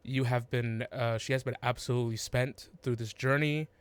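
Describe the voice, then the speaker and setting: A man's voice: mid-range voice, steady tone, clean tone. Man narrating as game master. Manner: halting, restarts, many fillers.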